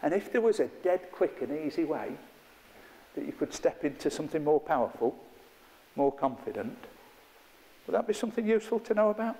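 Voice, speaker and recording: Guy running a workshop, bit high voiced, jokey and self-deprecating, talking to a room of people. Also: sing-song, fairly quick, warm tone, big-room sound. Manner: chatty, self-mocking, playful. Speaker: workshop trainer. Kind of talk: interactive workshop teaching. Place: training room with a live group.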